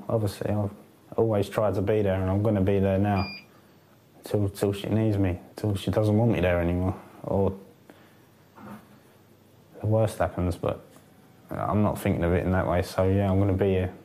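A man speaks hesitantly and sounds shaken, in a low, dark voice. He is recorded far from the mic with faint ambience around him. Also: level tone, moderate pace, pauses often, slight background noise. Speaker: interviewee. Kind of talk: emotional interview.

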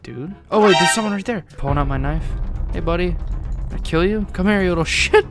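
A young man giving excitable let's-play gaming commentary, swearing often and laughing a lot. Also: high-pitched, moderate pace, faint music behind. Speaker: gaming YouTuber.

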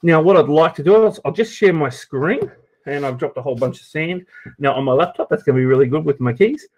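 Chatty Australian man, slightly high voice. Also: brisk, a little mellow, slightly rough, highs cut off. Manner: chatty and jokey, many filler words and restarts. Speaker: teacher presenting at an education event. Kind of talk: informal conference talk. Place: at his desk, presenting over a video call.

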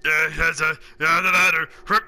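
A man with a sore throat giving excitable let's play commentary, swearing a lot and narrating his own moves. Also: a little high, moderate pace. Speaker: gaming commentator. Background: game music.

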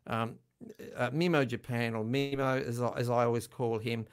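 An older man hosting a casual livestream chat, self-deprecating and quick to laugh. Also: medium pitch, flat delivery, clean tone. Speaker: channel host.

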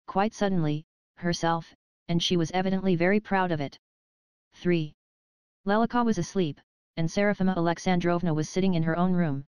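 A woman narrating an audiobook in a measured, even storytelling manner, close to the mic. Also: fairly low pitch, smooth, no echo, low-quality recording. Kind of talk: scripted narration.

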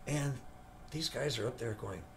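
An older man, a veteran studio guitarist, telling an animated story in an interview and acting out the voices of the people in it. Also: medium pitch, fairly quick, noisy background.

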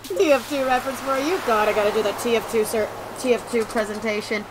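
A woman hosting a casual co-op gaming session, goofy and excitable, joking around with friends over a voice chat mic. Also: on the high side, fast. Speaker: let's play host. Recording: noisy background hiss.

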